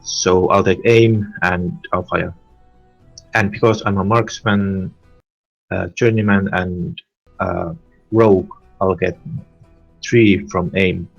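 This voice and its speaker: A man with a low, gravelly voice calls out his moves in a tabletop game, plain and matter-of-fact. His mic sounds dull and dry, lo-fi, with faint music behind. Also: steady tone, takes it slowly, no room sound. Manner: plain, matter-of-fact, states actions step by step. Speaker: player.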